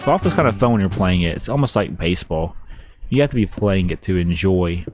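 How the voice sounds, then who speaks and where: Low-voiced Kentucky man streaming. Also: lively intonation, fairly quick, a little mellow, soft background music. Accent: Southern US, Kentucky. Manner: rambling, laid-back, thinks aloud. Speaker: let's-play streamer. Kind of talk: casual gameplay commentary.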